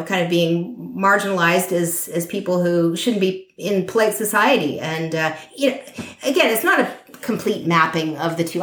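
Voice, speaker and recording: Echoey, hesitant woman discussing politics. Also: on the low side. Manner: thoughtful, hesitant, many fillers and restarts. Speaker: podcast guest. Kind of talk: political conversation.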